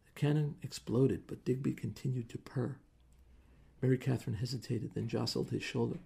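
A man reads a story aloud in measured, steady narration. His voice is gravelly and dark, with a husky edge. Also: mid-range voice.

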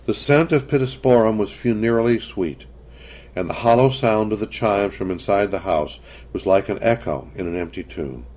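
A man narrating a story in a measured, scripted reading. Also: on the low side, darkish tone.

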